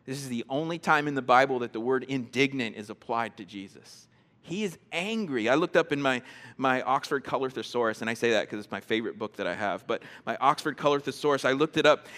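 A man preaching a sermon in a conversational, animated way, often repeating words as he starts a thought and acting out people's reactions. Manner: animated, acts out quoted reactions in a higher voice. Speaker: pastor.

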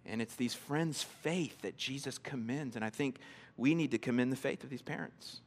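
A man preaching a sermon in a conversational, animated way, often repeating words as he starts a thought and acting out people's reactions. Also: moderate pace, a little hiss or hum. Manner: animated, acts out quoted reactions in a higher voice. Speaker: pastor.

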